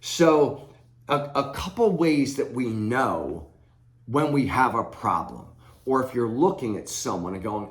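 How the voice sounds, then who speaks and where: A man's voice: mid-range voice, sing-song, a little slow. A middle-aged man giving blunt, plain-spoken advice straight to camera as a recovery coach. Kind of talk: direct-to-camera advice talk. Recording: echoey room.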